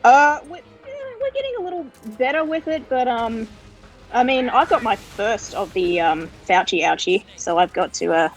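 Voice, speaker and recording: A woman's voice: fairly high pitch, lively intonation, moderate pace, faint music behind, rough recording. A woman with an Australian accent, calling in to a stream for a casual chat. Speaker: guest caller.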